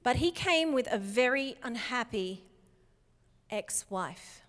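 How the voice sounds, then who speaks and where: Woman keynote speaker, measured and deliberate, clearly enunciated, long hall echo. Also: fairly high pitch, animated, a bit bright. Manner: slow, emphatic, clearly enunciated delivery. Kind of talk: motivational keynote talk. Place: large hall before a live audience.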